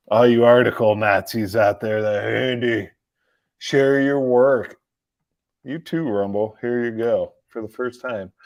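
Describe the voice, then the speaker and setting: A livestream political commentary host with a lowish, darkish voice mocks and jeers sarcastically, laughing often. He keeps restarting sentences and repeating words, and the recording is dry.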